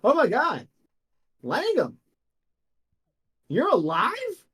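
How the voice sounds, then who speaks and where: A man's voice: on the high side, animated, a little fast, a bit bright. A man voicing a touchy young wizard who guards a gate, stammering and indignant. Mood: flustered.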